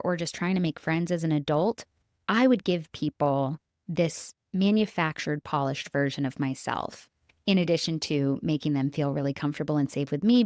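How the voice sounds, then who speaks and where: A woman's voice: low voice, darkish tone, dry recording, studio quality. A young adult woman hosting a podcast, talking candidly and conversationally to her listeners, with plenty of casual fillers. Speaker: podcast host. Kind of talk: reflective solo podcast monologue.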